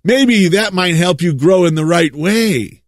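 A man's voice: sits high, lively intonation, unhurried, no echo, clean studio sound. A man preaching a sermon in a sarcastic, lecturing way, chuckling at his own remarks.

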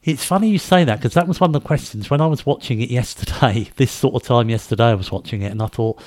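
A man's voice: medium pitch, fast, darkish tone, no room sound. A man hosting a podcast, talking in a rambling way with many fillers and restarts. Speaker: podcast host. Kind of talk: casual podcast chat.

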